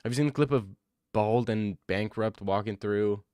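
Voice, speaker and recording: A man's voice: lowish voice, moderate pace, a little mellow, no echo, clean studio sound. A young man streaming live, answering his chat with defensive, joking replies and a lot of "bro.". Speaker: livestreamer reading chat. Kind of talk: casual livestream chat.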